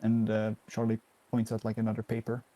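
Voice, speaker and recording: A man's voice: fairly low pitch, completely flat delivery, a little fast, warm tone. A man playing a tabletop game, speaking hesitantly with many fillers. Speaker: player. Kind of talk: tabletop role-play in character.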